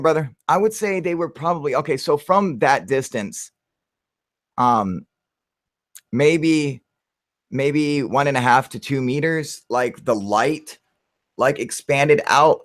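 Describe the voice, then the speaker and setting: A man hosting a casual live chat, excitable and profane, calling everyone dude as he tells a story. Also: on the high side, slow, dry recording, clean studio sound. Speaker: channel host on a livestream.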